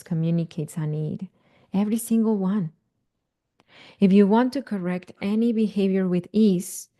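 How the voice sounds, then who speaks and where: A woman's voice: medium pitch, warm tone. A woman teaching a live parenting class, repeating herself for emphasis and putting questions to her listeners. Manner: repetitive, emphatic, asks audience questions. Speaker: parenting educator.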